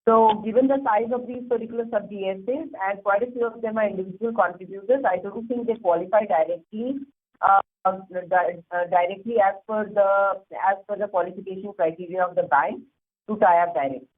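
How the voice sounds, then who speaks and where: A woman's voice: mid-range voice, a little fast. A woman with an Indian English accent explains at length as an executive on an earnings call. She uses many fillers and restarts. The sound is thin and tinny, like a phone line. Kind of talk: conference call Q&A.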